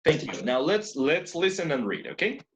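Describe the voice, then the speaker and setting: A man's voice: on the high side, big pitch swings, normal speed, a crowd in the background, low-quality recording. A man teaching English online, patient and repetitive, switching into to explain. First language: Spanish.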